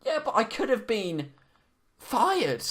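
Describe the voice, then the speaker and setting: Young guy, podcast co-host, slightly higher voice, rambling, casual storyteller. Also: wildly swooping pitch, slow pace, a bit bright. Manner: rambling, lots of fillers and restarts.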